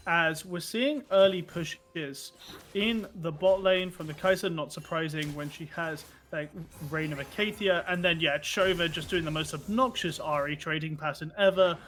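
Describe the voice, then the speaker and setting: A man giving quick play-by-play commentary on a live esports match, with dry asides. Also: fairly high pitch, a bit bright.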